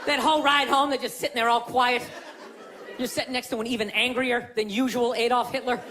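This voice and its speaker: A man doing a stand-up routine, riffing profanely and incredulously, with loud outbursts. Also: extremely high pitch, flat delivery, fairly quick. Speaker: stand-up comedian. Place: comedy stage before a laughing audience. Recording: live show with crowd noise.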